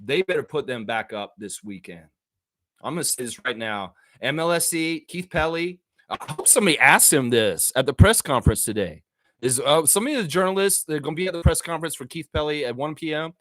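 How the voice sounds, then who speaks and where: Man, live-stream sports host, casual chat, animated, lively pitch swings, slightly high voice. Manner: animated, excitable, quick to laugh at his own bits. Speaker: livestream basketball show host.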